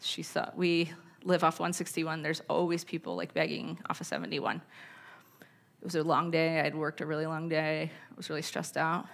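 A woman's voice: deep voice, normal speed, creaky. A middle-aged woman giving a candid church talk on parenting, mixing personal stories with scripture quotes. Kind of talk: sermon-style teaching talk.

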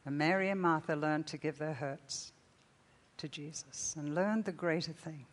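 A woman preacher with a lower voice delivers a sermon, reading her own story aloud. She swells loud on the emotional peaks and drops to a near-whisper. Her voice rings with a long reverb through a large church hall. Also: moderate pace. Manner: expressive reading, rising loud then dropping to a hush.

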